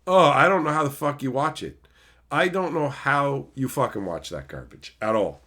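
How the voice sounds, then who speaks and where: A man's voice: mid-range voice, expressive, normal speed, pushed and bright. A man streaming casually, reading chat aloud and ranting with a lot of profanity.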